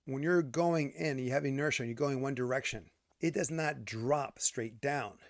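A man's voice: mid-range voice, moderate pace, no room sound. Ranting man in a dry room. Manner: animated, ranting, argumentative. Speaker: podcast co-host. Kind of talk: casual chat, movie review.

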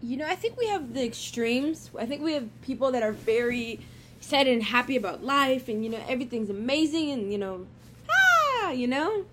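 A woman's voice: fairly high pitch, animated, fairly quick, a little hiss or hum. A young American woman from California, a podcast guest talking casually and easily with plenty of fillers. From California, USA. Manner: easygoing, chatty, lots of fillers.

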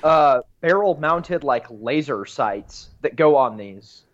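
A man's voice: mid-range voice, lively intonation, slow, lo-fi sound. A man co-hosting a podcast in casual chat, teasing his partner in a wry way. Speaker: podcast co-host.

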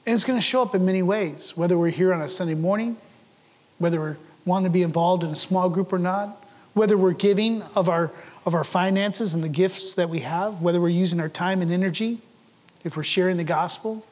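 A man with a high voice preaches a sermon, pressing his congregation with earnest rhetorical questions. His words ring through a church sanctuary, and a long hall reverb trails each phrase. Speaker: pastor.

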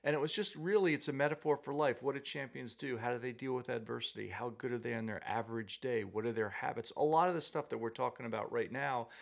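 Gravelly middle-aged man telling stories. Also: medium pitch, quick pace, hardly any pauses. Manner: rambling anecdotal, self-deprecating. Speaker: podcast guest, former tennis coach. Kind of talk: casual storytelling chat.

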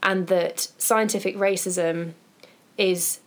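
A woman's voice: on the low side, steady tone, takes it slowly. A woman co-hosting a podcast, chatting casually and recommending books and podcasts in a conversational, thinking-aloud way. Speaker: podcast co-host.

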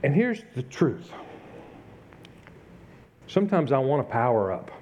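A man's voice: mid-range voice, big pitch swings, a little slow, darkish tone, lo-fi sound, a little hiss or hum. A middle-aged male pastor preaching a conversational sermon, telling a self-deprecating story and acting out his own frustration.

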